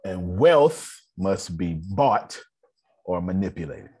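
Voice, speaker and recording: Husky-voiced man hosting a business talk. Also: low-pitched, big pitch swings, slow pace, a little mellow. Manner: repetitive, often checks if listeners understand. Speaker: host of an online business meeting. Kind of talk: casual motivational talk to a group.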